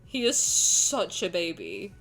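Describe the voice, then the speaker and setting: Bubbly, lively-voiced woman streamer. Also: on the low side, takes it slowly, soft background music. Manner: excitable, gushing, swears casually. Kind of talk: casual livestream chat.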